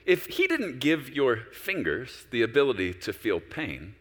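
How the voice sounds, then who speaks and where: A man preaching a sermon as a pastor, animated and conversational, acting out quoted voices. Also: medium pitch, a little slow, in a large hall.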